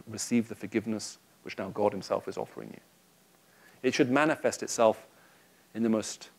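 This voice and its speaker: A man giving a public Christian talk to a live audience, telling stories with humor. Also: on the low side. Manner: lively storytelling with humor. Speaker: Christian speaker addressing an audience.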